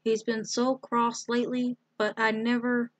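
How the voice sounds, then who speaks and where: A woman's voice: fairly high pitch, flat delivery, a little slow, no echo, voice pushed up, lightly acted. A woman doing a weeping worried mother. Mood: tearful.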